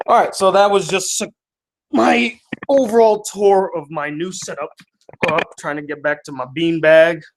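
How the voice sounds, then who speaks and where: A young man with a high voice hosts a casual vlog from his room at home. He rambles, jokes at his own expense and swears freely as he reads out fan mail. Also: steady tone, normal speed, noisy background. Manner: profane, joking, self-deprecating.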